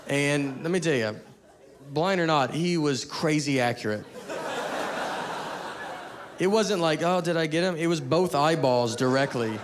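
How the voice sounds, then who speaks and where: Deadpan man doing stand-up. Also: a little high, unhurried, pauses often, a crowd in the background. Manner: deadpan, understated, rambling asides. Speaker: stand-up comedian. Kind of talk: stand-up storytelling. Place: comedy stage before a live audience. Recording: live audience murmur and faint noise. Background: audience laughter.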